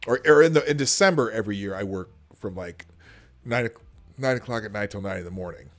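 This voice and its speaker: A man's voice: fairly low pitch, fast talker. A man hosting a livestream, chatting casually and rambling with many restarts. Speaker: host.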